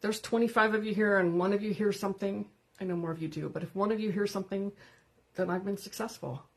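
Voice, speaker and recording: A woman's voice: mid-range voice, steady tone, fast talker. A woman hosting an unscripted live stream, talking candidly and greeting viewers by name as she goes. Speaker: livestream host.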